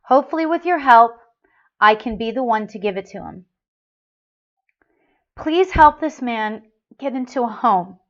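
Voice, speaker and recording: A woman's voice: on the high side, lively intonation, measured pace, long pauses. A woman hosting a spiritual talk show, chatting casually and reading a story aloud with feeling, often laughing and restarting her sentences. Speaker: host of a spiritual call-in show. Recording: dull lo-fi sound.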